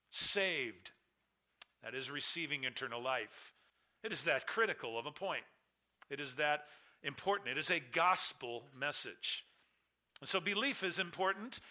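A man's voice: a little high, pushed and bright. A man preaching a sermon, teaching through a scripture passage with an emphatic, repetitive cadence. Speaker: pastor.

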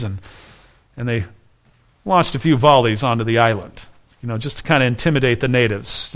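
A man's voice: on the high side, a bit bright, clean tone. A man preaching a sermon as pastor, earnest and conversational, often restarting his phrases.

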